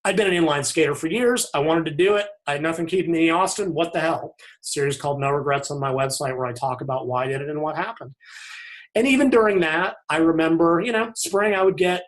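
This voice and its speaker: A man with a somewhat higher-than-average voice speaks as a podcast guest. He talks frankly and thoughtfully, circling back and restarting his sentences in an easy, unscripted conversational way. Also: fast. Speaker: podcast guest, fitness author. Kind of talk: candid conversational interview.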